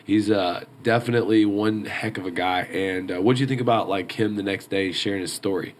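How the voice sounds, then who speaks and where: Low-voiced guy hosting an interview, casual, cracks jokes, keeps the guest talking. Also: a little fast, slight background noise. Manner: casual, joking, prompting. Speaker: host. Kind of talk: interview conversation.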